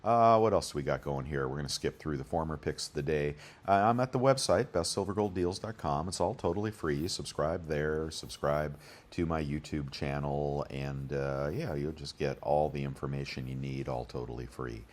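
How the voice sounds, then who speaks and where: A man's voice: extremely low pitch, normal speed. A man hosting a bullion deals channel, talking casually and rambling through prices with many fillers. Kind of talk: casual screen-share commentary.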